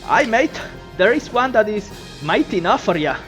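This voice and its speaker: Brief: man playing a loud, boastful dwarf showman, pitched up, for a tabletop game, music underneath. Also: sing-song, moderate pace. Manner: hearty, loud and swaggering, calls others mate. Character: boastful dwarf festival performer in armor.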